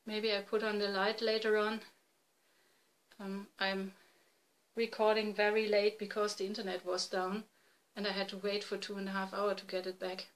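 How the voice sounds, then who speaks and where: A woman in her forties from East Germany with a German accent, hosting a casual podcast in halting, self-correcting English. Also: medium pitch, little pitch movement, poor audio. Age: 40s. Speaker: podcast host. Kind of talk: casual video podcast chat. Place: home room, dim light.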